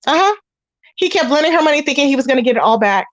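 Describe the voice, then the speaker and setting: Host, woman, high voice, dry close sound, animated gossip storyteller. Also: racing, no room sound, dull audio. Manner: animated storytelling, acts out quoted voices, talks straight to viewers. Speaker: commentary channel host. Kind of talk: casual gossip commentary.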